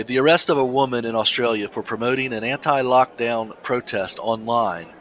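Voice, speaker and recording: A man with a mid-pitched voice chats on a podcast and reads a news piece aloud. He halts and restarts often, feeling his way through each thought. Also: a bit bright. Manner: halting, many restarts, laughs easily. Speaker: podcast co-host. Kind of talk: casual chat, reading a news story aloud.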